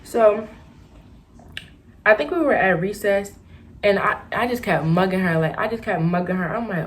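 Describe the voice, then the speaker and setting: A young adult woman chatting casually through a storytime vlog, rambling and animated with lots of "like" and "y'all.". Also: on the low side, moderate pace. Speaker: vlogger. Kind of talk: casual storytime while doing makeup.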